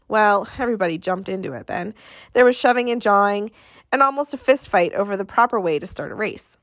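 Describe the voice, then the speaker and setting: A woman's voice: medium pitch, fairly quick, no echo. Dry, close woman narrating a novel. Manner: expressive storytelling, acting out the dialogue. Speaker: audiobook narrator. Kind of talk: scripted narration.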